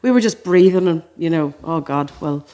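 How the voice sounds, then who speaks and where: An Irish woman, a musician and podcast co-host, chatting casually in a living room and telling a lively story with frequent laughs. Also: low voice, moderate pace. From Ireland. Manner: animated storyteller, laughs often. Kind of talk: casual chat.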